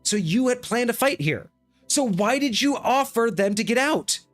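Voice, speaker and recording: A man hosting a tabletop gaming live stream in casual chat, animated and often acting out quick bits of dialogue. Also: very high voice. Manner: animated, acts out quick snippets of players and guards. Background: faint background music.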